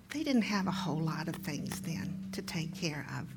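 A woman's voice: low voice, lively intonation, moderate pace, hardly any pauses, very noisy. A woman in her sixties sharing a personal story as a guest in a church service, talking with many ums and restarts. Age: 60s. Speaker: guest speaker, pastor's mother.

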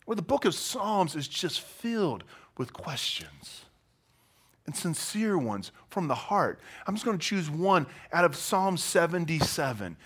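An animated man preaches in a loose, conversational style, acting out the people in his stories. His pitch swings widely and sits a little above the usual range for a man. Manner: animated storytelling, acts out voices; casual, conversational phrasing. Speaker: pastor. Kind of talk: sermon.

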